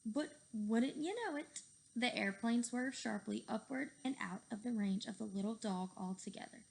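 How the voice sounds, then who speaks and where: A woman reading a children's book aloud with lively, expressive storytelling. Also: fairly high pitch, moderate pace, creaky. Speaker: reader.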